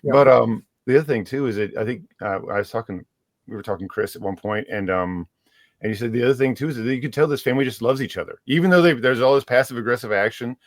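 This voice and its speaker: A man's voice: medium pitch, fast talker, no room sound. A man chatting casually about a book, rambling with many restarts as he hunts for names. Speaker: guest reviewer.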